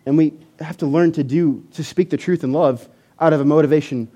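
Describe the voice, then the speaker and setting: Male preacher, animated and emphatic, voice a touch high. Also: a little fast. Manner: animated, emphatic, repeats words. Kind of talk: sermon.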